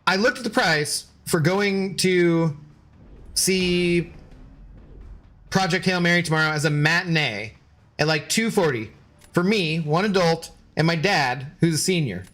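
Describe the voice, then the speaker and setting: A man's voice: on the high side, measured pace, fairly bright tone. Exasperated man ranting on stream. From United States. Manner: ranting, exasperated, swears casually. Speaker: gaming streamer. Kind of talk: casual live-stream commentary.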